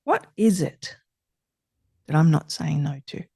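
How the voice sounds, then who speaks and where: Emphatic, expressive woman therapist. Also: sits low, unhurried, creaky, breathy edge, dry recording, clean studio sound. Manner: expressive, emphatic, repeats key points for emphasis. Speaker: trauma therapist guest. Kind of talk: conversational podcast interview.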